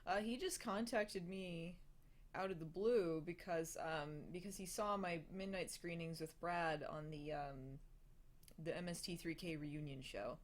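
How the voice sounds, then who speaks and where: A woman's voice: on the low side, measured pace. A young adult woman hosting a casual live stream, answering viewer questions with frequent laughs, fillers and restarts. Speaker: host of a live hangout.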